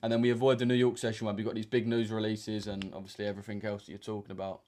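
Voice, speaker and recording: A young trading streamer chats casually on a livestream in a lowish, slightly mellow voice with little pitch movement, racing along. His banter is laid-back and slangy, full of frequent fillers.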